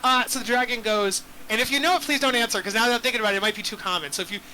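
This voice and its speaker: A man running a tabletop game as game master, explaining rules quickly and rephrasing himself. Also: very high voice, sharp tone, a little hiss or hum, rough recording.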